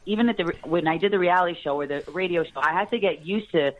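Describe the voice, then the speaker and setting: Fast-talking raspy-voiced woman. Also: on the low side, no echo, highs cut off. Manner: fast chatty storytelling, plugging shows. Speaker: guest comedian. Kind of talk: casual podcast chat.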